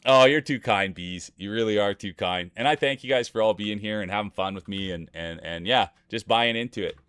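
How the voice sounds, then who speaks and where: A man's voice: fairly low pitch, a little fast, fairly bright tone, clear, resonant tone, no echo. A man commentating marble races on a live stream, greeting viewers by name and hyping up close finishes. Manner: upbeat, greets chat viewers by name, hypes race finishes.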